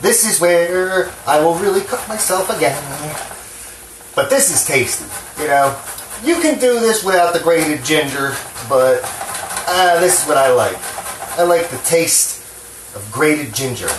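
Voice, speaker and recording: This New Jersey cooking vlogger sits fairly high in pitch, expressive yet measured in pace, talking frankly and profanely and running himself down with jokes as he cooks with slightly unsteady hands. His echoey kitchen is noisy, with faint clattering.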